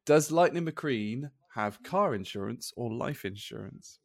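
A man's voice: medium pitch, expressive, a little slow, gravelly, dry recording. Chatty man on a podcast. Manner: chatty, laughs often. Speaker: podcast co-host. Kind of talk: casual chat.

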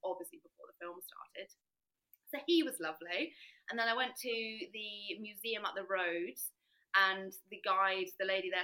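Woman, Southern English accent, podcast guest, chatty, animated storyteller, bright clear voice. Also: medium pitch, poor audio. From England. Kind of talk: casual chat.

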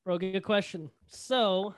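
A man's voice: sits high, slow, no echo, studio quality. A young man with a Toronto accent, co-hosting a podcast in slangy, rambling casual chat. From Toronto, Canada. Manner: slangy, rambling, full of fillers. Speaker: podcast co-host.

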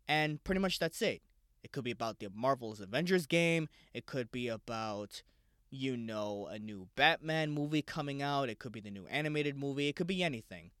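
A man's voice: on the high side, clean tone, no room sound, studio quality. A man hosting a casual solo podcast, rambling loosely and swearing freely. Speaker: podcast host.

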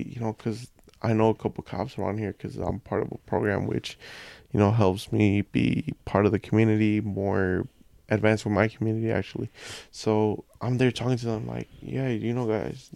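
A man's voice: fairly low pitch, creaky, darkish tone, no echo. A young man from a Mexican family, a podcast guest telling rambling, profane anecdotes in casual chat.

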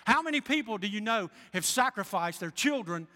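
A male preacher delivers a folksy sermon in a very high, bright voice. His words ring out with a long church-hall reverb behind them. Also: animated, a little fast. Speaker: pastor.

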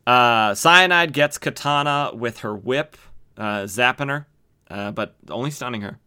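Medium in pitch, his voice is pushed, bright, and clean, and he talks a little slowly. He's a podcast host giving a casual comic book recap in an enthusiastic, chatty way, using many fillers.

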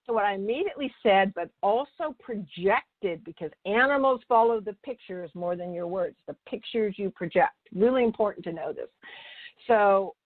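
A woman's voice: mid-range voice, moderate pace, no room sound. A woman animal communicator telling stories and teaching in a chatty way, often restarting her sentences and acting out what people said. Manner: chatty, restarts mid-sentence, acts out dialogue. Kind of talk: teaching talk with anecdotes. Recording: dry, tinny phone-like sound.

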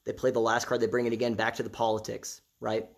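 A man's voice: on the low side, little pitch movement, fast talker, creaky. A man preaching a sermon in a conversational way, repeating phrases for emphasis.

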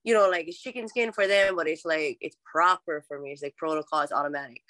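A woman's voice: sits low, animated, fast talker, pushed and bright, no room sound. A young adult woman from Oahu with a Hawaiian accent, chatting as a podcast guest, laughing often and mixing Hawaiian words into her talk. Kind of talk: casual conversational interview.

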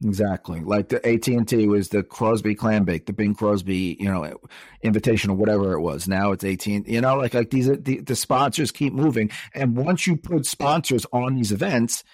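A man's voice: lowish voice, moderate pace, darkish tone, no room sound, studio quality. A man co-hosting a podcast, talking casually and filling his sentences with "like" and "you know.". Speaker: podcast co-host. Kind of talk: casual chat.

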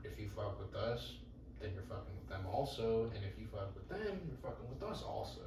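A man's voice: fairly low pitch, very animated, fairly quick, noisy background. Blunt, profane young man, roomy mic. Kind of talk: casual chat. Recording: echoey room, mic at a distance.

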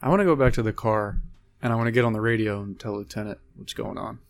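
A man's voice: on the low side, fast talker, creaky, dry recording, soft background music. A man player in a tabletop game, jumping in eagerly with requests.

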